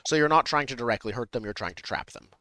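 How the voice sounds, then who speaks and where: A man running a tabletop role-playing game as game master, improvising with halting restarts. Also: medium pitch, pushed and bright, no room sound. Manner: halting, many fillers and restarts while improvising.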